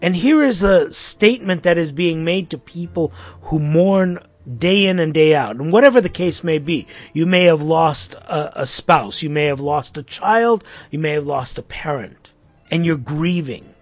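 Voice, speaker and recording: A man's voice: fairly high pitch, a little slow, dry recording, faint music behind. A man giving a reflective sermon in a conversational way, with asides and restarts. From Armenian community in the US. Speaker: pastor.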